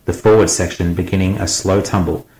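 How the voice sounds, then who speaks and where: Brief: male audiobook narrator, deep and steady, dramatic delivery, echoey room. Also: fairly quick.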